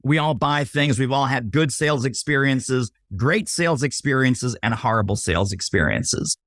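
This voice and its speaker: A man talks sales on a podcast with a lively, swooping delivery. He acts out little scenes of buyers and waiters and keeps checking in with "right?" The sound is close and dry. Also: mid-range voice, normal speed, dry recording. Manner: punchy teaching tone, often tags lines with "right?". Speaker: podcast guest, sales expert. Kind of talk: casual interview talk.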